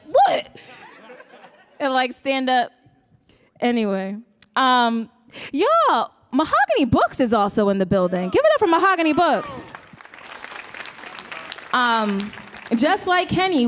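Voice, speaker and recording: A woman's voice: on the high side, long reverb tail. A woman hosting a live open mic, chatty and teasing, on a handheld stage mic. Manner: playful, chatty, teasing the crowd. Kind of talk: casual stage banter and introductions. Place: live indoor stage before an audience.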